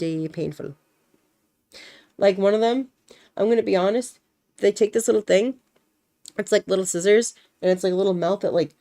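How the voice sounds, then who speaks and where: A woman's voice: medium pitch, a little mellow. A young woman chatting casually on a stream, rambling animatedly and acting out quotes as she tells a story.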